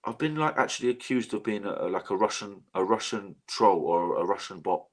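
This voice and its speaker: Guy with a lowish voice rambling on, swearing, lots of like and you know. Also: fairly quick. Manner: rambling, swears, many fillers and restarts. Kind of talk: casual chat.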